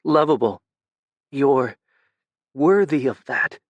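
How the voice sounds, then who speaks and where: A male audiobook narrator voicing a dying young man who speaks faintly and haltingly, near a whisper, in a slightly raised, slow voice. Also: medium pitch, lively intonation, no echo, muffled recording. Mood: fading. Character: dying young man, gentle, slurring, tender. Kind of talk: audiobook character reading.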